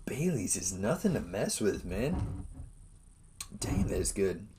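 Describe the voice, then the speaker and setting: An excitable man from Los Angeles chatting casually on a podcast, saying dude constantly. His voice rises and falls with lively swings in pitch. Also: takes it slowly, background noise. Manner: excitable, says dude a lot. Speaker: podcast co-host. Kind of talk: casual chat.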